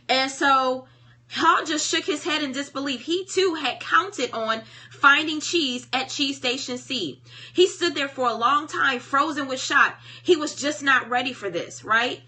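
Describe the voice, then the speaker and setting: Bright-voiced woman hosting a live book talk. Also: fairly high pitch, normal speed. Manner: conversational, preacherly, checks in with "right?". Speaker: live-stream host reading a self-help book. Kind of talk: live-stream book discussion.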